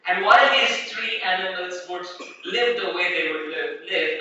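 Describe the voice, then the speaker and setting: Brief: man, earnest stage speaker, bright voice, very echoey hall, picked up from a distance. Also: a little high, slight background noise. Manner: earnest, rhetorical questions. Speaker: conference speaker. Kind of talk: inspirational public talk. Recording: echoey hall from far off, dull.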